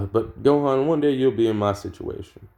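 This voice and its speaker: A man's voice: medium pitch, moderate pace, dark tone, close to an everyday voice. A man voicing a one-armed male veteran fighter, nostalgic and rambling, sighing about being the last one left.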